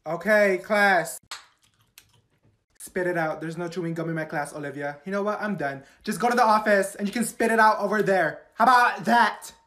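A man's voice: sits high, normal speed, sharp tone. A man voicing a stern female schoolteacher who scolds her class with sarcasm in a comedy skit. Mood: scolding.

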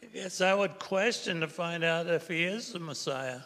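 A man's voice: on the high side, moderate pace, a bit bright. A man in the congregation giving a hesitant, questioning answer from the pews. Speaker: congregation member. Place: church sanctuary. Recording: off-mic in a reverberant church.

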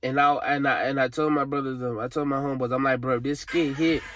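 A man's voice: medium pitch, flat delivery, fast talker, fairly bright tone. Tearful young man venting. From Alabama, USA. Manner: frustrated, rambling, profane, slangy. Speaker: vlogger. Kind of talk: emotional vent to camera.

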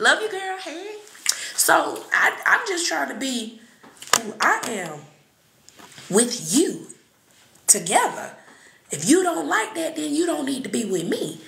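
A woman reading and chatting on a live stream, blunt and profane, with sudden shouts and laughs. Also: sits high, huge pitch swings, unhurried, vocal fry, reverberant. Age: adult with children. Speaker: psychic reader on a live stream. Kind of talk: casual live-stream talk.

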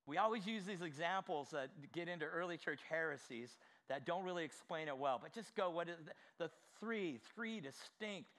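A male pastor delivering a fervent sermon, his voice pitched high for a man with a bright, forceful edge. He fires direct questions at the congregation. He swings from quiet asides to shouted exclamations.

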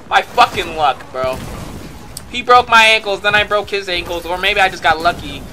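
A man giving live gameplay commentary, excitable and profane, muttering one moment and shouting the next. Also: high voice, moderate pace, slight background noise.

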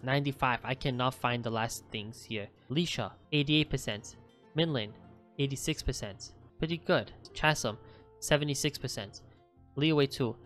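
A young man with a mid-range, slightly bright voice hosts a gaming channel. He reads out his game account stats in a chatty, offhand way, swearing now and then.

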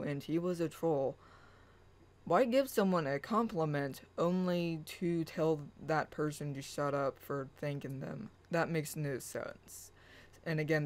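Spiritual vlogger, very slow, halting, many pauses, soft chant-like reading, mid pitch. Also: low-quality recording. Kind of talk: personal rant and reading own blog post aloud.

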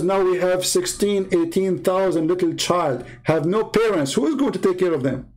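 Combative Arabic-accented man, higher voice. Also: normal speed, hardly any pauses, a little mellow, poor audio. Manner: combative, mocking, name-calling. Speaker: online commentator. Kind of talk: heated political monologue.

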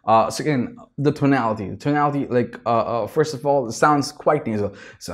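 A young man with an Indian English accent, coaching singing in a reaction video, energetic and always checking in with "right?". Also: medium pitch, brisk, few pauses. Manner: energetic, ends phrases with "right?"; restarts and repeats words often. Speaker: vocal coach.

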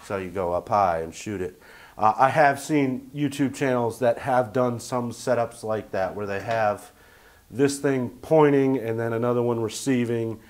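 Rambling, jokey male vlogger. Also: mid-range voice. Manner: rambling and jokey, many fillers and restarts. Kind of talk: casual talk to camera. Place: tiny house.

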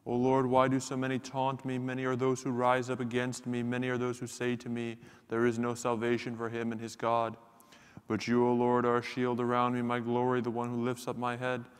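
A man chanting psalms and prayers in a church service, in a steady monotone. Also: medium pitch, brisk, clean tone. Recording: long church reverb.

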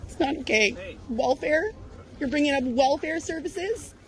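A woman in her thirties confronting a news crew outdoors at a protest, accusing them with rapid rhetorical questions. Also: high voice, animated, background noise. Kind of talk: heated street confrontation.

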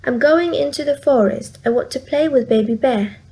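A woman with a Vietnamese accent voicing a little girl lost in the woods, high and pleading. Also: normal speed, warm tone, poor audio. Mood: eager.

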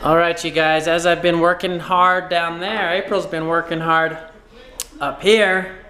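A man vlogs casually with his family, playful and quick to tease. His talk is relaxed and conversational, like a dad chatting at home. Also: on the high side, echoey room. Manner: playful, teasing. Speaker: family vlogger, father.

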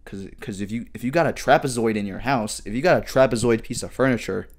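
A man in his twenties hosting a solo comedic podcast, rambling and swearing with heavy slang and animated outbursts. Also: mid-range voice, fast talker. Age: 20s. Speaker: podcast host.

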